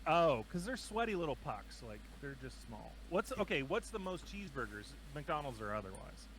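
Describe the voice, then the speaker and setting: A man's voice: a little high, sing-song, normal speed, a bit bright, slight background noise. Chatty playful man cohosting a stream. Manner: playful, chatty, sings snippets. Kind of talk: casual chat on a live stream.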